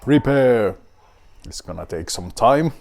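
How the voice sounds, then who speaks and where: A man's voice: medium pitch, animated, slow pace, gravelly, darkish tone. A man with a Finnish accent playing a rally game and talking to himself, wry and mock-grand, with a beer at hand. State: drinking beer while playing. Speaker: gaming video host.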